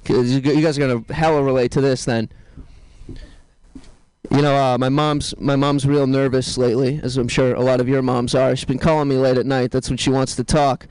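A man doing a stand-up comedy set, telling dark jokes deadpan and tossing asides to the crowd. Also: mid-range voice, fairly quick, smooth, poor audio.

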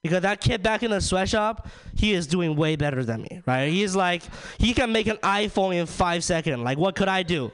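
A man's voice: sits high, lively intonation, normal speed, hardly any pauses, a bit bright, clear, resonant tone. A young man from China doing a ranting, self-deprecating stand-up comedy set, leaning on "like" and "right?". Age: young adult.

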